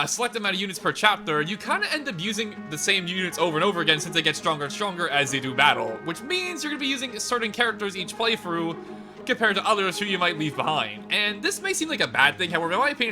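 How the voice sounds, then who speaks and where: A young man hosting a let's play, giving chatty, self-deprecating gameplay commentary. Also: high-pitched. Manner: chatty, self-deprecating, laughs at his own slips. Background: game music.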